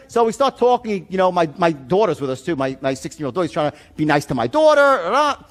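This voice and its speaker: A middle-aged man giving a sales seminar, telling stories in an animated, blunt way full of profanity. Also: high voice, quick pace, hardly any pauses. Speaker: sales trainer. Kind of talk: seminar talk.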